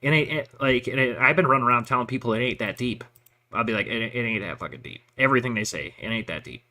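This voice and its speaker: Bright-voiced man, profane rambling chat. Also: mid-range voice, fast. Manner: profane, rambling, laughs at own stories. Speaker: veteran chatting with a listener. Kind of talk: casual chat.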